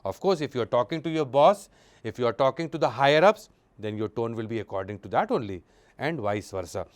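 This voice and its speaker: A man giving a classroom lecture, expressive, shifting his pitch and loudness for emphasis and often repeating words and using fillers. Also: brisk. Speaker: college lecturer.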